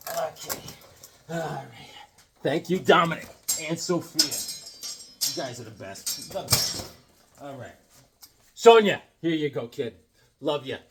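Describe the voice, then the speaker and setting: A man hosting a comedic unboxing vlog, rambling through jokes and stories with animated outbursts. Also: fairly high pitch, slow pace, pauses often, background noise. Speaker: comic book vlogger.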